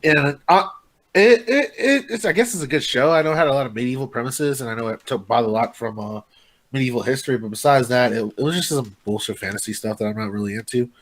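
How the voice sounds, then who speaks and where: A man's voice: medium pitch, quick pace, a bit bright. A man co-hosting a casual chat, talking in a hesitant way with many restarts. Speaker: podcast co-host.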